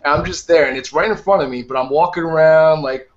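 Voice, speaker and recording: A man's voice: a little high, steady tone, brisk. Rambling man peppering speech with "like". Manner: rambling, uses "like" a lot. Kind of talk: casual group chat. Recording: dull lo-fi audio.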